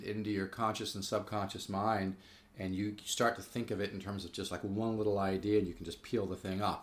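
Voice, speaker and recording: A man giving a casual spoken guitar lesson, earnest and enthusiastic, often restarting and repeating himself as he plays. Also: fairly low pitch. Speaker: guitar teacher. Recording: echoey room with guitar playing.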